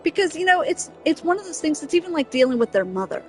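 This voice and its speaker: Over soft background music, a woman streaming a game talks fast in a high voice with big pitch swings. Her casual chat is exasperated venting, emphatic and repetitive, always returning to one point.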